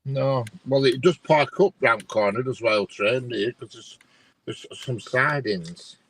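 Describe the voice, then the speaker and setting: A man's voice: medium pitch, slow, a bit bright, husky, low-quality recording. A man, chatting casually on a live stream with many restarts, sounding bemused as he checks train diagrams. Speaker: co-host watching live train feeds.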